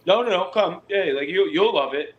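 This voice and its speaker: A Canadian man with a high voice chats casually on a live stream about keeping fish, speaking at a normal pace. He's an animated storyteller who acts out both sides of the conversations he recounts. The recording has its highs cut off and a little background noise.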